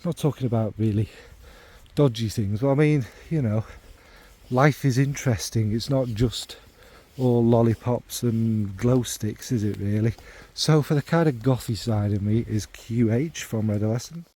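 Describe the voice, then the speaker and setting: A middle-aged man from the North Midlands of England, a fragrance vlogger, chats casually about scents in a rambling, self-deprecating monologue packed with ums and asides. His voice is mid-range and dark in tone, moving at a moderate pace.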